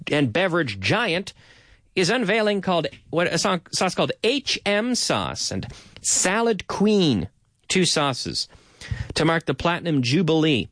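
A man hosting a radio show, who repeats phrases and explains them to his listeners in a lively way. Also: on the high side, measured pace, dry recording. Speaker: radio host.

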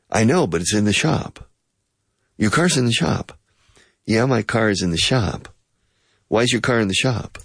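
A man's voice: slightly rough, no echo, studio quality. A man giving a playful English lesson, acting out both sides of a conversation and explaining phrases with bits of Spanish. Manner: acts out both sides of a conversation, switching pitch. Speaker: English teacher.

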